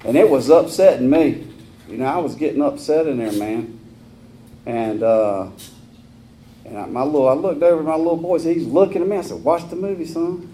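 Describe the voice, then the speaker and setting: A man in his forties with a Southern US accent, speaking at a recovery meeting in a folksy, rambling way with rough humor. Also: medium pitch, lively intonation, moderate pace, long pauses, mellow, a little hiss or hum. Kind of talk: personal recovery talk.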